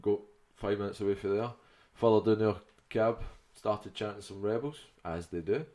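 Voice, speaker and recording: A man with a broad Glasgow accent chats on a podcast with a slightly low voice. He tells stories in sweary, laddish banter. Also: moderate pace, warm tone. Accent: Glaswegian. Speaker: podcast co-host. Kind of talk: casual chat.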